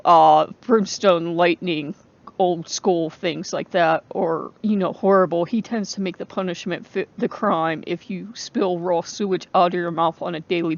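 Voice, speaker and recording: A woman's voice: lowish voice, creaky, dull audio. A woman hosting a casual vlog monologue who rambles with many fillers and frequent laughs. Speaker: channel host.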